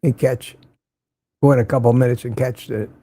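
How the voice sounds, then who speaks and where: A man's voice: medium pitch, fairly even intonation, normal speed, warm tone, no echo. An older man hosting a casual morning livestream, greeting viewers by name and making wry asides. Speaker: livestream host.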